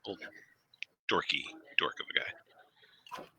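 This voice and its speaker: A man with a New Jersey accent co-hosting a casual comedy chat, telling stories between laughs. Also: sharp tone. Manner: laughing storyteller, quick asides. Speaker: co-host.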